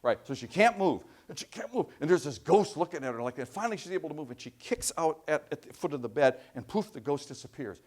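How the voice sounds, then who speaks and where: A man giving a university lecture, telling anecdotes in an animated way with frequent restarts. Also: a little high, fast, hardly any pauses. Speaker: professor giving a guest lecture.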